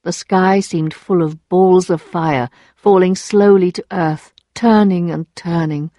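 A woman reads an audiobook aloud, her storytelling voice steady and measured. Her pitch sits on the low side, and the clean studio recording has no room sound.

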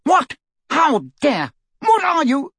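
A man's voice: high voice, wildly swooping pitch, slow, a bit bright, no room sound, clean studio sound, pitched above the performer's own voice, heavily acted. A man voicing a cold, snide old male wizard in a talking portrait, imperious and supercilious, in a storybook reading. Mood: outraged.

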